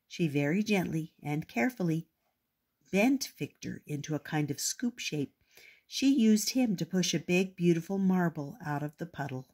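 An older woman reading a children's picture book aloud, gentle and expressive. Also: on the low side, normal speed, breathy edge. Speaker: storyteller.

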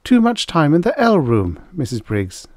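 A man's voice: a little high, huge pitch swings, moderate pace, no room sound, voice pushed up. A man voicing a prim, severe middle-aged female schoolteacher who speaks icily and precisely. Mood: icy, prim.

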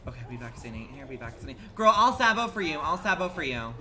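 A man livestreaming a game in campy, slangy commentary that swings between loud outbursts and low mutters. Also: sing-song, fast talker, a little hiss or hum. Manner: campy and dramatic, full of slang. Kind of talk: live gameplay commentary. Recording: loud game music under the voice.

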